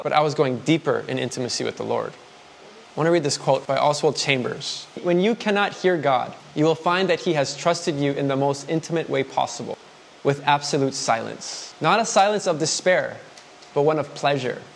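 A man's voice: fairly high pitch, animated, moderate pace, vocal fry, slight background noise. A man preaching a sermon in a candid, conversational way, acting out prayers and quotes with feeling.

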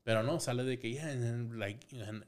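A man's voice: mid-range voice, a little fast. A man who works as a tattoo artist, telling stories as a podcast guest in a casual, profane, slangy way, dropping in Spanish phrases and acting out both sides of old conversations.

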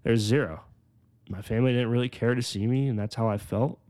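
On his podcast, a twentysomething man with a mid-range voice recounts how he came to faith. His storytelling is sincere and packed with "like"s, and he eases off into a slower, gentler tone at the heavy moments.

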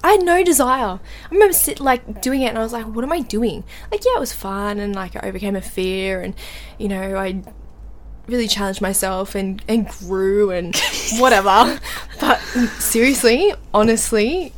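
A young woman co-hosting a podcast in relaxed, casual chat. She tells her stories with plenty of laughs and lively swings in her voice, in a mid-range tone. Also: medium pitch, moderate pace, slight background noise. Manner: animated storytelling, laughs often. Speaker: podcast co-host.

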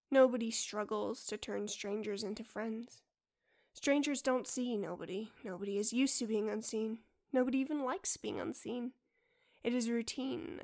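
A woman narrating a story in a soft, quiet and measured voice, sometimes dropping near a whisper. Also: a little high, creaky. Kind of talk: storybook reading.

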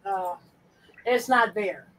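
A woman's voice: mid-range voice, takes it slowly, fairly bright tone, low-quality recording. A woman co-hosting a podcast in casual chat, blunt and profane, muttering to herself as she sorts files. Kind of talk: casual chat while sorting files on screen.

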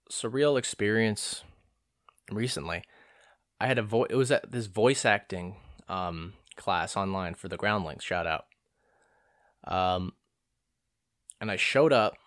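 A man's voice: fairly low pitch, fairly bright tone, no room sound, clean studio sound. A young man in his twenties rambling casually through a self-deprecating, profane monologue as a vlogger.

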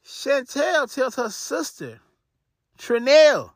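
Casual guy retelling a crime story, high lively voice, dry sound. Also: unhurried, long pauses, no room sound. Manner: casual, slangy, filler-heavy.

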